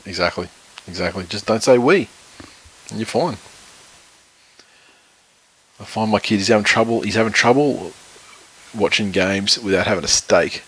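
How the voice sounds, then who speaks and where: A man's voice: fairly low pitch, moderate pace, pauses often, a bit bright, breathy edge. A man in his thirties, co-hosting a casual sports podcast, rambling and swearing freely. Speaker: podcast co-host.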